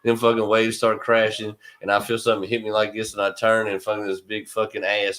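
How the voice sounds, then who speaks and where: A middle-aged man with a low voice and a bright, forceful edge, telling crude stories in casual podcast chat. He laughs often as he talks. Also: completely flat delivery, fairly quick, hardly any pauses. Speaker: podcast co-host.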